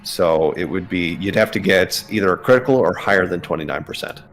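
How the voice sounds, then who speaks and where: A man narrating as game master of a tabletop game, relaxed, with lots of fillers and laughs. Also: low voice, fairly quick, soft background music.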